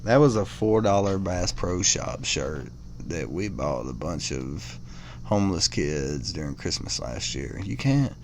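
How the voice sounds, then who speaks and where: A man hosting a podcast, reacting to videos in a blunt, mocking, profane way. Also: low voice. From American South. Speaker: podcast host. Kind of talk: casual reaction commentary.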